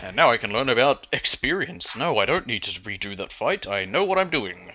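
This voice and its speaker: A man streaming a game, joking and talking back to it in casual commentary. His voice is bright and forceful and leaps around in pitch. Faint game music plays behind him. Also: big pitch swings, normal speed, hardly any pauses.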